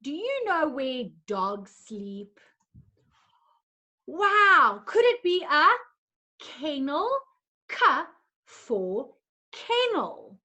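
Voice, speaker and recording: A woman's voice: high voice, sing-song, very slow, long pauses, bright, forceful tone. A woman teaching a lesson to young children in a coaxing, sing-song way, making animal sounds along the way.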